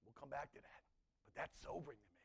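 A male pastor preaching a sermon, animated, swinging between loud exclamations and hushed asides. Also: fairly high pitch, fast, gravelly, breathy edge.

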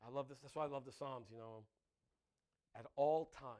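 A man preaching a sermon, animated and laughing between phrases, often asking the congregation "Amen?". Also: medium pitch, moderate pace. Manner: breaks into laughter mid-sentence.

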